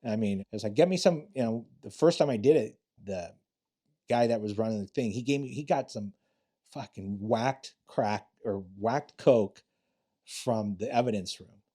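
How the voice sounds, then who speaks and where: Mellow-voiced older man telling cop stories. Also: fairly low pitch, moderate pace, husky. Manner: profane, rambling, many restarts. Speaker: retired police detective, guest. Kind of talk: casual storytelling interview.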